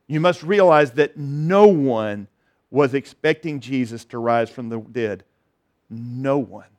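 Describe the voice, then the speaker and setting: A pastor with a slightly high voice preaches an Easter sermon conversationally. He often restarts his sentences and repeats phrases for emphasis.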